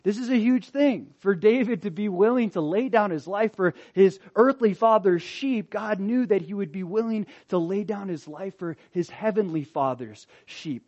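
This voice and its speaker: Male pastor, high voice, emphatic sermon delivery, slightly dull lo-fi recording. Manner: animated and emphatic, swinging from loud to quiet.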